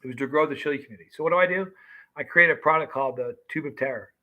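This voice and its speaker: A man's voice: on the high side, rapid-fire, pushed and bright, poor audio. A man in his fifties casually chatting on a livestream, greeting viewers by name and telling stories. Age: 50s. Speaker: livestream host.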